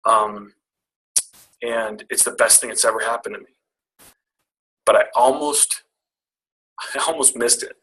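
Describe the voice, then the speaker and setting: Man, middle-aged, bright tone, candid storytelling, motivational talk. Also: medium pitch, unhurried, pauses often, rough recording. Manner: candid, self-deprecating storyteller. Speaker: guest speaker. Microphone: call audio.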